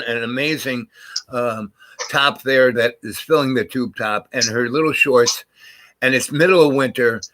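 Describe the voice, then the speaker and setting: A man's voice: mid-range voice, pushed and bright, rough recording. An older man telling a long anecdote in casual chat, meandering and restarting his sentences as he goes. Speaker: storyteller in a conversation.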